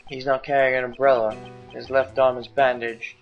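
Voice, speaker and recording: A man's voice: mid-range voice, flat delivery, normal speed. A man giving casual, rambling game commentary, hesitating often, in a slightly muffled recording with faint game music behind. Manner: rambling, hesitant, lots of fillers. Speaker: let's play commentator.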